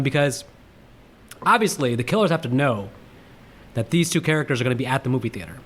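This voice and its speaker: A man's voice: on the high side, lively intonation, brisk, a bit bright. A man co-hosting a casual movie podcast, chatty and rambling as he shares film trivia. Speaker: podcast co-host.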